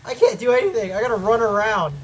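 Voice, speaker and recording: A young man commentating his own gameplay, breaking into loud, swearing, frustrated outbursts. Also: sits high, fast, a little hiss or hum. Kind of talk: gaming commentary.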